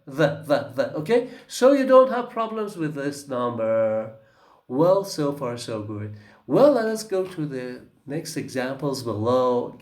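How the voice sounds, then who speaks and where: A man teaching English pronunciation, slow and repetitive, often asking "okay?" to check understanding. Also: on the high side, big pitch swings, a little mellow. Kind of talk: recorded phonetics lesson. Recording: echoey room.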